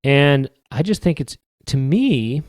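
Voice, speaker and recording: A man's voice: mid-range voice, animated, slow, darkish tone, no room sound. Rambling, wry man, dry sound. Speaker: podcast host. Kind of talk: casual comedic monologue.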